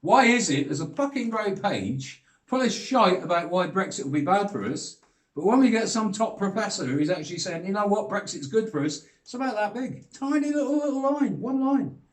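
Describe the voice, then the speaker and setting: A man's voice: sits high, lively intonation, moderate pace, reverberant. An older British man delivering a blunt, sweary, heated rant straight to camera. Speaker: vlogger. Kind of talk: ranting monologue.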